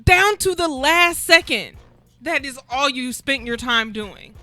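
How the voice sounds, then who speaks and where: A woman's voice: high-pitched, expressive, slow pace, bright, forceful tone, no echo, soft background music. A woman co-hosting a talk show, incredulous and sarcastic, firing off rhetorical questions. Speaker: guest co-host. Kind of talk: casual talk show chat.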